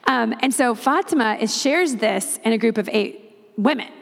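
Gravelly woman missionary sharing a testimony. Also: fairly high pitch, moderate pace, big-room sound. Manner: animated, retells others' words at length. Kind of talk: personal testimony storytelling.

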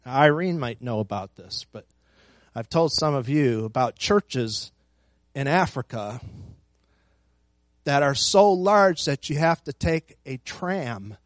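A man's voice: medium pitch, expressive, takes it slowly, no echo. A man preaching a sermon as pastor, emphatic, repeating phrases and building force.

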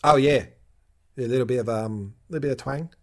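A man hosts a podcast, recapping a show in a jokey, animated way. His voice sits at an ordinary middle pitch. It comes across as relaxed casual chat between co-hosts. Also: a little fast. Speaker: podcast host.

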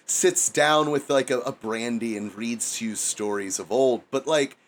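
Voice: medium pitch, a little slow. A podcast co-host in casual chat, making wry, joking asides.

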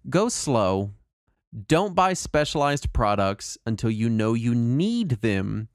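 Animated rambling man, dry close sound. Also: mid-range voice, slow pace, no echo. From Texas. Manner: rambling, animated, puts on silly voices when quoting people. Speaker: podcast co-host. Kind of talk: casual chat.

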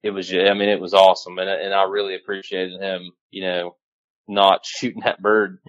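A man guest telling a lively hunting story, casual and profane, with lots of fillers. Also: deep voice, moderate pace, highs cut off. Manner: animated, swears casually, many fillers. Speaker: guest hunter.

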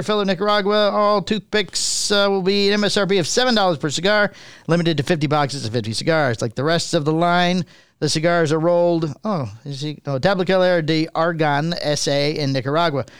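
Guy reading podcast news off a sheet, kinda high voice, trips on names, dry close mic. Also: a little fast, clean tone, no echo. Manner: reads news items aloud, stumbling over names. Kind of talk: casual podcast chat.

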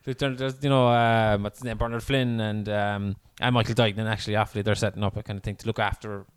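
A man, a guest on a casual comedy podcast, telling stories in an animated way and laughing often. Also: on the low side, quick pace, clear, resonant tone.

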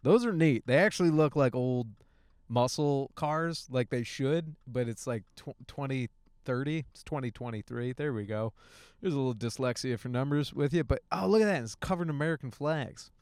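Young guy doing a solo podcast while driving, loose crude storytelling, keeps laughing, mid pitch clean voice. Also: moderate pace, smooth, no room sound, studio quality. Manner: animated storyteller, crude jokes, laughs often. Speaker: podcast host. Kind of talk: casual solo rant. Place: in a car, driving.

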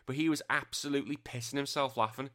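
A man's voice: medium pitch, fairly even intonation, fast, pushed and bright. An Englishman in his thirties hosting a podcast, chatting casually, swearing freely and telling stories with animation. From England. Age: 30s. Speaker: podcast host.

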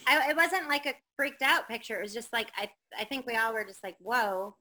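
Bright-voiced middle-aged woman telling a ghost story. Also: fairly high pitch, expressive, brisk, low-quality recording. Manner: rambling, with many fillers and acted-out quotes. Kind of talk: casual storytelling.

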